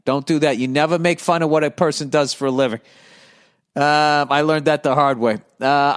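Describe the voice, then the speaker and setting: A man's voice: fairly high pitch, clear, resonant tone. A middle-aged man hosting a podcast, reading listener mail and riffing on it in a profane, sarcastic rant. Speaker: comedian podcast host.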